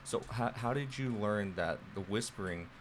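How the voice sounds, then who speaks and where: A man with a very deep voice co-hosts a podcast and asks calm, reflective questions. A faint hiss sits under his speech. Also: normal speed. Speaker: podcast co-host.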